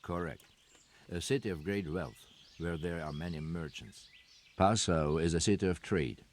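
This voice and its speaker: A man playing a deep-voiced guarded soldier. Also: a little hiss or hum, close to an everyday voice. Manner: measured, formal, stiff old-fashioned phrasing. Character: guarded middle-aged soldier, formal and secretive. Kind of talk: video game dialogue.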